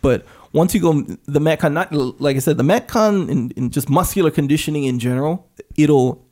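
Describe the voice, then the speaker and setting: A man's voice: a little high, fairly quick, dark tone. Laid-back man rambling in casual chat. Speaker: podcast co-host.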